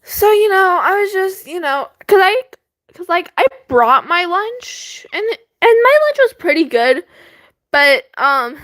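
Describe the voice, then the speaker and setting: A woman's voice: very high voice, big pitch swings, a little slow, fairly bright tone, no echo. A teenage girl vlogging from her bedroom, rambling about her school day with lots of fillers and giggles. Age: teens. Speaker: student vlogger. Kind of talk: casual chat. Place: bedroom at home.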